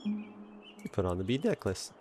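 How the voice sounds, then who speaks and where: A man's voice: mid-range voice, big pitch swings, measured pace, music in the background. A man streaming a video game, giving casual, joking, self-mocking commentary as he plays. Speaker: let's play streamer.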